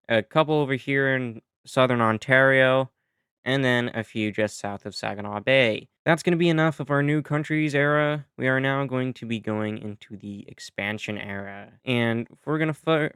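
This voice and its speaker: A man's voice: medium pitch, fairly bright tone, clear, resonant tone, no room sound. Brief: casual male video narrator, dry close-mic sound, talks through events with asides. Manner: chatty, explains with asides and self-corrections. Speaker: YouTube narrator. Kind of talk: casual narration of a map simulation.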